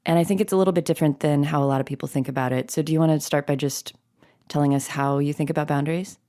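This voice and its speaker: A woman with a low, mellow voice joins a podcast as a guest. She speaks in a thoughtful, measured way, weighing her words. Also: fairly even intonation. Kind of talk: conversational podcast talk.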